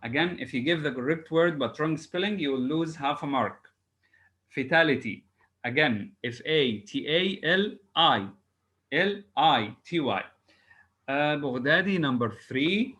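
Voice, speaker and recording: A male teacher on a video call runs an English lesson. His voice sits slightly high and sounds bright and forceful. He is patient, spells words out letter by letter, and fills pauses with hesitations. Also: animated, rough recording. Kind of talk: online class drilling exam word formation.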